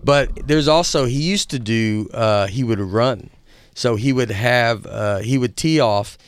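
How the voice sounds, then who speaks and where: A man telling stories in a casual chat, rambling with halting restarts. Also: mid-range voice, smooth. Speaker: podcast host, comedian.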